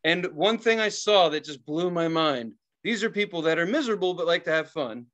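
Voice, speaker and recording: A man co-hosting a podcast, telling a story in a casual, profane and animated way and acting out the people in it. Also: fairly high pitch, fairly quick, highs cut off. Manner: profane, animated, acts out quoted voices. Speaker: podcast co-host.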